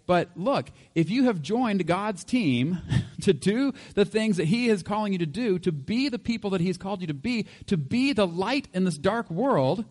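A male pastor with a high-pitched, darkish voice delivers a conversational sermon in what sounds like a big room. He's easygoing, chuckles often, and leans on homely, everyday examples.

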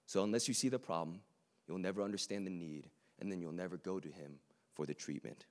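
A man's voice: low voice, brisk, darkish tone. A man preaching a sermon to a live room, earnest and conversational, with joking asides to the audience.

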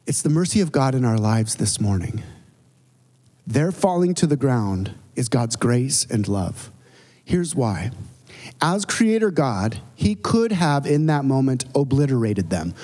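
A pastor in his forties preaching a dramatic, storytelling sermon, his pitch rising and falling widely. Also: animated, moderate pace, darkish tone. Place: church sanctuary. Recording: long reverb of a church hall.

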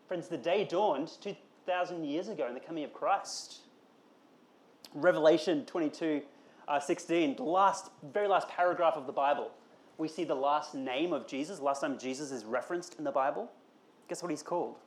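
A man's voice: fairly high pitch, a little fast. A man preaching a conversational sermon, asking rhetorical questions and building to emphatic calls. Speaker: pastor.

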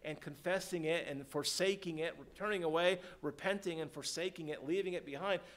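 Pastor, male, preaching in church; voice a bit high, call-and-response delivery, dynamic from soft to loud. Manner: swings from quiet, slow prayerful passages to loud emphatic points. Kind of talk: sermon.

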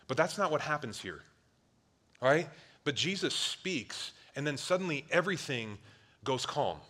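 Animated male pastor with a bright, forceful voice. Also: on the high side, normal speed. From Ohio, near Cleveland. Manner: animated, acts out voices, swings from loud to hushed. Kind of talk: sermon.

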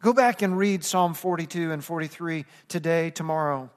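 A man with a notably high voice preaches with earnest conviction, breaking into casual everyday asides. His words ring out with a long reverb, as in a church sanctuary. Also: normal speed. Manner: earnest preaching, acts out plain-spoken asides. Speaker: pastor. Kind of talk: sermon.

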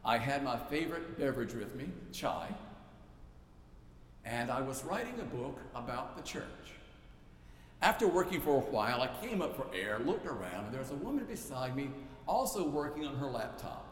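A man's voice: medium pitch, big pitch swings, normal speed. A male pastor preaching a sermon with emphatic, repetitive rhetorical build-ups. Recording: echoey church hall, faint noise.

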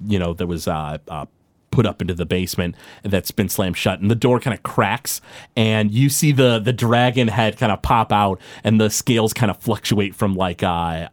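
A man's voice: lowish voice, no echo. A man running a tabletop game as game master, narrating loosely with many fillers and restarts. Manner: loose, full of fillers and restarts, laughs often.

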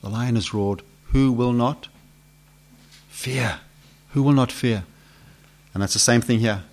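A man preaching a sermon who asks the congregation questions and swings between loud build-ups and hushed lines. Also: mid-range voice, unhurried.

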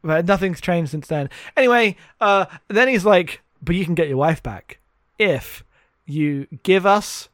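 A man co-hosting a podcast, mocking a book in casual comedic chat and putting on quick voices when he quotes its characters. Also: high voice, lively intonation, fairly bright tone, no room sound, clean studio sound. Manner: sarcastic, laughing, mock-quoting characters. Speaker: podcast co-host.

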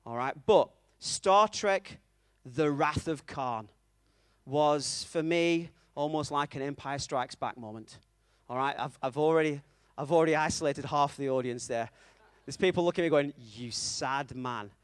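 A man's voice: fairly high pitch, normal speed, clear, resonant tone, no room sound. A man preaching a conversational sermon, telling a story and checking in with his audience, with a self-mocking manner.

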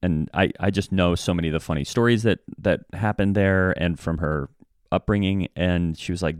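A man's voice: low-pitched, steady tone, moderate pace, smooth, no echo, clean studio sound. A man being interviewed as a podcast guest, casually telling a story and laughing lightly mid-sentence. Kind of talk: casual chat.

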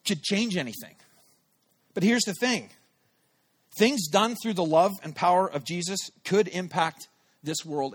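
A male pastor preaching a sermon, telling a personal story and acting out his own thoughts aloud. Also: sits high. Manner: animated, acts out his own inner thoughts. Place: church service held in a theater.

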